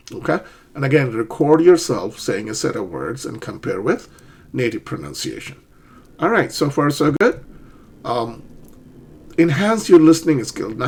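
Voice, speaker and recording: A man in middle age giving an English lesson. His voice is a bit husky and sits at an ordinary pitch. He explains patiently and keeps checking that learners follow with "right?" and "okay?". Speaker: English teacher.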